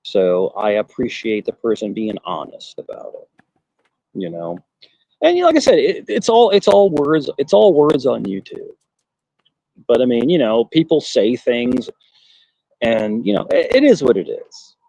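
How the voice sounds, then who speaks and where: A man's voice: medium pitch, huge pitch swings, unhurried, creaky, dark tone, no echo, rough recording. A man in a casual online panel talk, boastful and repetitive, often restarting his sentences. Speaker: panel guest. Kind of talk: heated casual debate.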